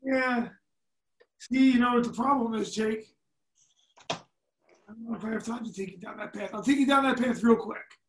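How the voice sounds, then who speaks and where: High-voiced new guy cussing and laughing thru his stories, kinda far off in an echoey room. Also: normal speed, pauses often. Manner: profane, laughing, animated storyteller. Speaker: podcast guest. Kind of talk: casual storytelling. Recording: echoey room, set back from the mic.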